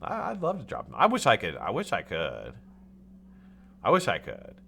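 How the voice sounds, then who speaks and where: A man's voice: on the low side, wildly swooping pitch, moderate pace, creaky, sharp tone, breathy edge. A man in his forties from the United States hosting a casual live stream, joking, swearing and reading viewers' chat names aloud. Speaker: livestream host.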